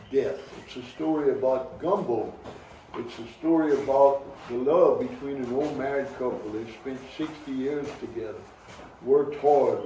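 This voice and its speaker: A man's voice: mid-range voice, dark tone, slight background noise. A man with a Cajun accent telling folk stories to a live audience in an easygoing, drawling way. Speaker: storyteller and singer. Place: heritage village hall. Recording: roomy, from a distance, faint accordion.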